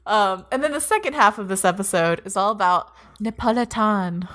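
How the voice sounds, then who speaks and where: A woman's voice: medium pitch, animated, normal speed, fairly bright tone. A woman co-hosting a podcast, recapping anime episodes in casual chat, laughing often, swearing freely and padding her talk with fillers. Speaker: podcast co-host.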